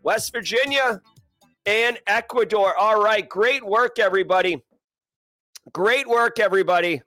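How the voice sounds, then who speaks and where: A man hosting a daily cybersecurity news livestream, hyped and sing-song as he shouts out viewers and places. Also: high voice, a little slow, dry recording, soft background music. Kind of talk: energetic livestream chat with viewers.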